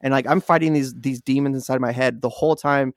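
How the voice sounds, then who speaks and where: A man co-hosting a podcast, telling a story in animated casual chat, swearing freely and acting out what people said. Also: mid-range voice, fast talker, no echo, studio quality. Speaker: podcast co-host.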